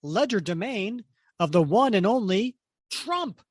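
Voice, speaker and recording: A man's voice: high voice, expressive, unhurried, no room sound, studio quality, pitched above the performer's own voice. A man voicing a pompous, showy male villain stage magician with a grandiose, taunting delivery, read from a comic on a podcast.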